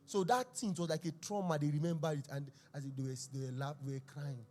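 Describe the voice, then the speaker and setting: A man's voice: fairly high pitch, steady tone, a little fast, few pauses, dark tone. A young man preaching a sermon at a church service, telling the story with laughs and exclamations. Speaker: pastor.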